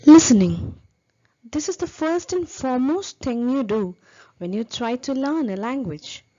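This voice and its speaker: A woman's voice: high voice, animated, measured pace, dark tone, muffled recording. A woman giving a lecture on teaching English, explaining step by step and spelling out example words.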